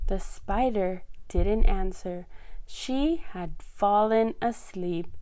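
A woman reads a picture book to small children in an unhurried, sing-song voice. She takes her time over each line and lifts her voice high for the animal calls. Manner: bright, sing-song storytelling with animal sounds. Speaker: children's story reader. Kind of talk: picture book read-aloud.

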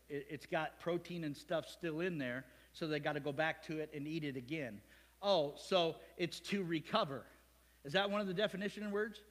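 A man's voice: on the high side, fairly bright tone, big-room sound. A man preaching a sermon as pastor, conversational and joking, firing rhetorical questions at the congregation. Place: church sanctuary.

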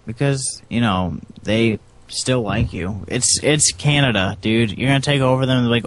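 A man's voice: medium pitch, moderate pace, few pauses. A man co-hosting a game stream, bantering casually in a laid-back, joking way.

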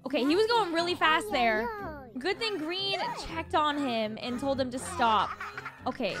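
Brief: a very high, bouncy female reactor who gasps and laughs constantly, with loud music behind her. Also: animated, measured pace. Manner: gasping, laughing, exclaiming. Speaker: reaction video host. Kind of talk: excited reaction commentary.

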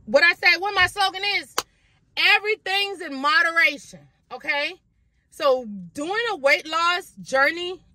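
Young woman fitness vlogger, high and crisp, sassy and chatty, recorded dry. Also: sharp tone, no echo. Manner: sassy, chatty, calls viewers girl and baby. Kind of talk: casual talking-head vlog. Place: at home.

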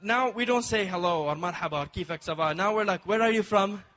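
A man's voice: sits high, fairly quick, fairly bright tone. A man from Dubai performing a stand-up comedy set with punchy, playful crowd work on a club stage.

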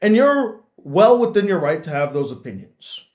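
Talking heartfelt to the camera, a young man who critiques on YouTube reflects earnestly for his viewers, repeating words as he collects his thoughts. He has a high, sing-song voice with a darkish tone and a moderate pace.

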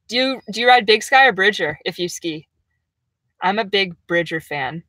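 A woman's voice: mid-range voice, lively intonation, normal speed, pushed and bright, no echo. A young woman hosting a casual livestream from a camper van, chatting and laughing as she reads viewer comments.

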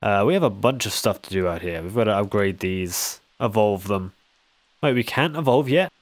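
A man's voice: lowish voice, animated, normal speed, dry recording. Chatty man narrating gameplay. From West Country, England. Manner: chatty, teasing, talks to game characters. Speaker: gaming video host. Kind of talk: casual gameplay commentary.

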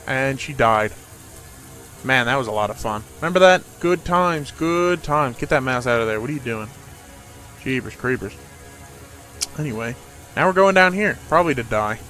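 Sarcastic young gamer with a higher voice. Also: male voice, moderate pace, pauses often, fairly bright tone, faint music behind. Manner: sarcastic, joking. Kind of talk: let's play commentary.

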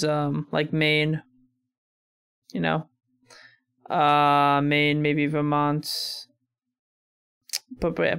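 American male reactor, slightly high gravelly voice, rambling musing commentary. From United States. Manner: musing aloud, chuckling often, thinking out loud with fillers. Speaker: reaction video host.

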